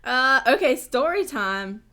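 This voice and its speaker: A woman's voice: high voice, very animated, takes it slowly, pushed and bright. A young woman from the United States chatting casually on a live stream from home, rambling and reading out donor messages.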